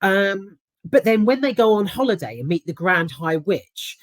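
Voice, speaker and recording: A woman's voice: mid-range voice, big pitch swings, normal speed, dry recording. A woman giving a casual, rambling spoken film review, emphatic and swearing freely.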